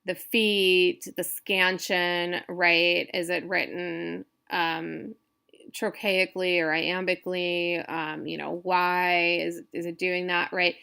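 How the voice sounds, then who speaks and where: A woman's voice: on the low side, little pitch movement, takes it slowly, vocal fry, sharp tone, smooth. A woman instructor giving a recorded lecture, explaining step by step with frequent fillers and restarts.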